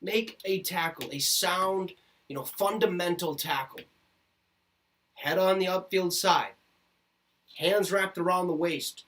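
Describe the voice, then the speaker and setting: A young man from Minnesota rants about football on his podcast with a fairly high voice. He is heated and profane and hammers the same points over and over. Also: slow pace, pauses often, fairly bright tone. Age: 20s. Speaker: podcast host. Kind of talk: ranting sports commentary.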